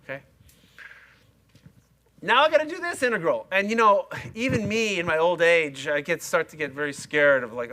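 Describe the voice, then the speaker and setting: Bright-voiced man giving a chatty lecture. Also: on the high side, lively intonation, moderate pace. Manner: chatty, self-mocking, talks to students directly. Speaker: university physics lecturer. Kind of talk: live classroom lecture. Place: lecture hall.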